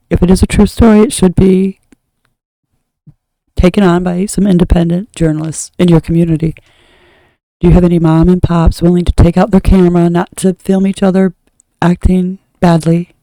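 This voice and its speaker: A woman's voice: fairly low pitch, warm tone, no echo, rough recording. A woman from the United States reading tarot, talking in a blunt, rambling monologue that trails off and restarts mid-thought. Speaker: tarot reader. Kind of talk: opinionated spoken monologue.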